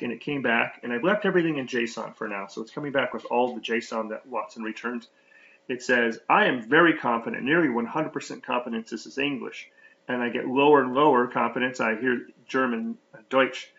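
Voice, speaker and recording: A man with a gravelly, bright, sharp-edged voice talks through a software demo in a loose, casual way. He thinks out loud, filling pauses with many ums and uhs and restarting his sentences. The recording sounds slightly muffled and lo-fi. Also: mid-range voice. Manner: rambling, thinking aloud with many fillers. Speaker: software developer giving a demo.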